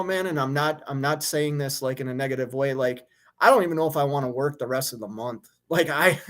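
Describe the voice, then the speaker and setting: A young man who drives his own truck rants on a live stream from a hotel room, his voice set a bit high for a man. He sounds fed up and worked up, tripping over restarts as he vents, then settles into chatting with viewers. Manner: frustrated, fired up, venting with many restarts. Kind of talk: live stream rant and chat reading.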